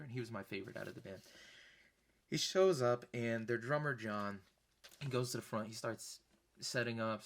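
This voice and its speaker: A young man telling a concert story in a loose, animated way, swearing now and then and acting out the voices of the people in it. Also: medium pitch. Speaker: vlogger. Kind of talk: casual storytelling.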